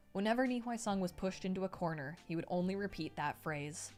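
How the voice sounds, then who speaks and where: Excitable young woman reading to a live stream. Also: on the low side, fairly quick, hardly any pauses, faint music behind. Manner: excitable, swears freely, squeals in reactions. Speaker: streamer reading a novel aloud. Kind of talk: live-stream read-aloud with reactions.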